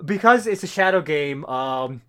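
A man co-hosting a casual podcast, recapping a manga in an animated way, swearing and acting out the characters. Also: a little high, normal speed, clean tone. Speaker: podcast co-host.

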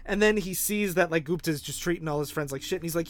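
A man's voice: a little high, fast, few pauses. A man chatting casually about comics, agreeable and hesitant with fillers.

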